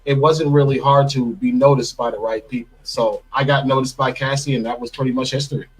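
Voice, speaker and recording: Husky man telling a wild story. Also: mid-range voice, fairly quick, rough recording. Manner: animated storyteller acting out quoted lines. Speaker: interview guest. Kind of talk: telling a personal story in an interview.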